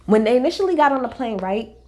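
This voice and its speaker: A woman's voice: fairly high pitch, expressive, fast talker, mellow. Blunt, gossipy woman recapping reality TV. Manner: blunt, profane, gossipy and opinionated; talks straight to viewers, casual slang. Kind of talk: casual reality show recap commentary.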